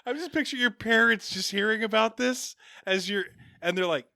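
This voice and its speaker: A man's voice: high voice, a little fast, gravelly, pushed and bright, dry recording, clean studio sound. A man co-hosting a podcast in casual chat, teasing his friends and laughing often. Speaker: podcast co-host.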